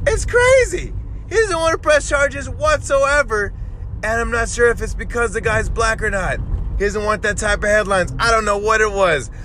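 A man with a very high, bright voice rants excitedly as the host of his own podcast. His pitch swings widely as he tells the story, and he swears freely. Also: a little hiss or hum. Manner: profane, excitable, animated storytelling. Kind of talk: excited solo podcast rant.

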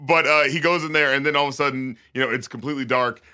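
A man co-hosting a casual podcast chat, rambling through a film scene and acting out lines in low mock voices. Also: fairly even intonation, fast talker, sharp tone, clear, resonant tone. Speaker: podcast co-host reviewing a film.

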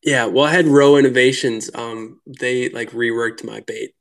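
A man from Minnesota chats as a podcast guest, telling stories with lively energy. He laughs easily and keeps dropping "like" between his phrases. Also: mid-range voice, normal speed, creaky. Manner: animated, laughing, lots of "like" fillers. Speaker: podcast guest, lure builder. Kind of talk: casual storytelling chat.

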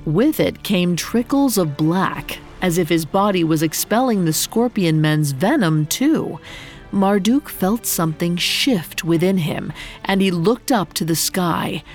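A woman reads a myth aloud in calm, measured narration. She speaks slowly in a slightly low voice, with soft music underneath. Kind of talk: scripted narration.

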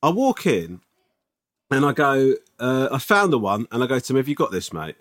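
A man, telling animated stories in a casual podcast chat and swinging into mock outrage. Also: medium pitch, normal speed.

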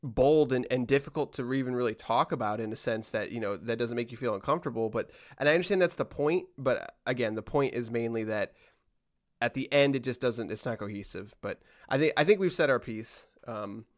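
A man hosting a casual podcast chat at a mid-range pitch. He rambles along, restarting sentences and letting his asides trail off into a low mumble. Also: fairly quick. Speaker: podcast host.

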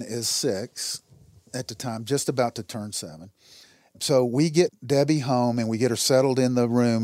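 A man's voice: darkish tone, no echo. Man, sixties, guest, earnest storyteller, dry close sound. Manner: earnest, acts out quotes with rising pitch. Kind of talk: emotional personal storytelling.

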